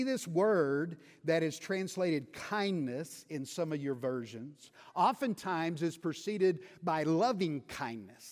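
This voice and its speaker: A man delivers a sermon at a deliberate, unhurried pace, his voice sitting slightly high. He is earnest and lets his voice sink soft and low when he quotes scripture. A long reverb from a large hall trails each phrase. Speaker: preacher.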